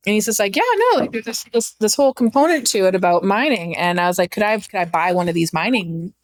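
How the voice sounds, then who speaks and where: A woman in her thirties from Canada, telling her story in a chatty, animated way as a guest on an interview podcast. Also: mid-range voice, fast talker, no echo. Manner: animated, chatty, acts out quoted voices. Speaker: guest entrepreneur.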